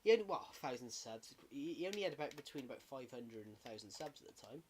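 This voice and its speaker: A man's voice: mid-range voice, lively intonation, fast talker, a little hiss or hum. A man chatting casually on a gaming livestream, rambling and correcting himself as he talks.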